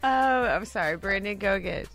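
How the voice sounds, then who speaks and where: A woman's voice: medium pitch, fairly even intonation, fairly quick, gravelly, fairly bright tone. A woman hosting a radio show, teasing her co-hosts and laughing a lot, with faint music behind. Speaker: radio host. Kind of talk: casual radio banter.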